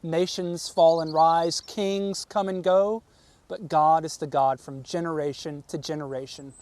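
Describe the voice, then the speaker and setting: Earnest preaching man, fairly high voice. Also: steady tone, a little slow, a little mellow. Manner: earnest, emphatic preaching with repeated words and rising stress. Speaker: pastor. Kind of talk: sermon.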